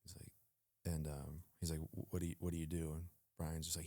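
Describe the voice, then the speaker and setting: Low-voiced man telling a war story. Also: fairly quick, no echo, clean studio sound. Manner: animated, acts out quoted dialogue, frequent fillers. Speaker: guest, former Navy SEAL. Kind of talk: casual storytelling in an interview.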